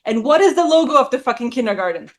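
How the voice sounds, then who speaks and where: A woman in her thirties telling a personal story in casual conversation, blunt and animated, swearing often and acting out the people she quotes. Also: rapid-fire. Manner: acts out quoted voices with big pitch jumps. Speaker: guest. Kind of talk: casual chat.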